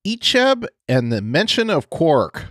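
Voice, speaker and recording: A man's voice: on the high side, sing-song, takes it slowly, no echo, studio quality. A man co-hosting a podcast, chatting casually, laughing often and trailing off with fillers. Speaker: podcast co-host.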